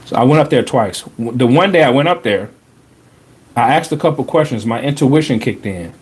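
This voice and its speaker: A man hosting a podcast, telling a personal story in a casual, animated way, full of slang and repeated phrases for emphasis. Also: mid-range voice, moderate pace, slightly rough. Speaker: podcast host.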